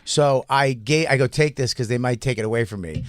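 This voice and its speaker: A man's voice: medium pitch, a little fast, no echo, clean studio sound. A man, a comedian co-hosting a podcast, telling a long profane story in a rambling casual way.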